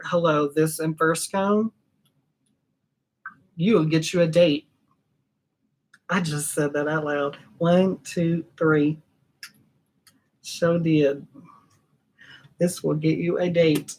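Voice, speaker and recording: A middle-aged woman teaching perfume blending in a chatty, gushing tutorial, drifting off topic and spelling ingredient names letter by letter. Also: low-pitched. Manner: gushing, emotional, chatty and digressive. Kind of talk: casual home-studio tutorial.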